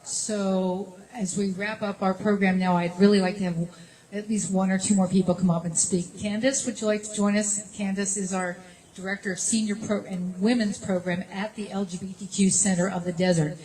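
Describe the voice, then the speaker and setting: Woman, program host; brisk and friendly, mid pitch. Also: fairly even intonation, darkish tone, slight background noise, rough recording. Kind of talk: hosting a community program.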